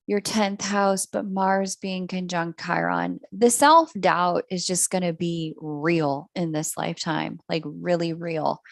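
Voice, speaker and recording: A woman's voice: lowish voice, creaky, no echo, studio quality. A woman giving a live-streamed astrology reading, candid and self-mocking, who laughs often and swears casually. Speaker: astrology reader.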